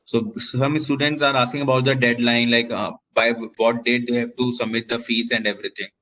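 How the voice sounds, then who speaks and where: A man's voice: medium pitch, level tone, brisk, bright, forceful tone, slight background noise. A man moderating an online session, polite and full of "sir", over a video call. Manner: polite, says sir often, fillers. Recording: slightly dull video call audio.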